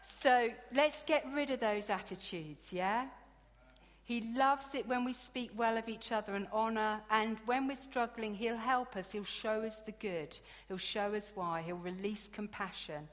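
Chatty woman preaching in a hall. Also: mid-range voice. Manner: chatty, animated storytelling with laughs. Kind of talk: sermon. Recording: long hall reverb.

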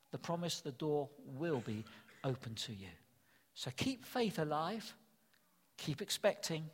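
A man's voice: fairly high pitch, breathy edge, in a large hall. An older man preaching a sermon, earnest and emphatic, repeating his key phrases.

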